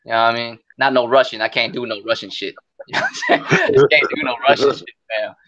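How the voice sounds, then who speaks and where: A man's voice: mid-range voice, fast talker, a bit bright, highs cut off, slight background noise. A man co-hosting a podcast, telling stories in casual slang and often saying "cuz" and "you know what I'm saying.". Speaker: podcast co-host. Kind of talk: casual chat.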